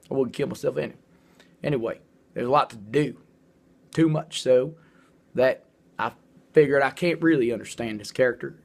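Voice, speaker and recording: A man's voice: medium pitch, a bit bright. A man who calls himself an artist and writer, talking in a rambling, blunt and profane monologue straight to the camera. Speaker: self-described artist and writer.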